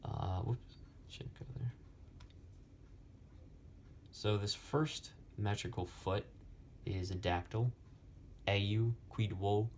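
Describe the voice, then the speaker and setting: A young man slowly explaining Latin poetic meter in a lesson, with many pauses and fillers. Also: on the low side, slight background noise. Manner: slow, halting, many fillers. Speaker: Latin tutor.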